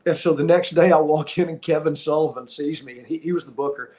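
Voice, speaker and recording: A middle-aged man with a voice a little higher than most hosts a podcast and tells a story in a relaxed, animated way. He voices the people in his story himself. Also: fast talker. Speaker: podcast host and former wrestler. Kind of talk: casual storytelling chat.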